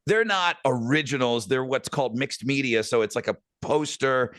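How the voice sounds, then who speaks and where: A middle-aged podcast host with a medium-pitched, fairly bright voice talks at normal speed, the recording dry and studio quality. In a casual storytelling chat, he tells a rambling anecdote full of fillers.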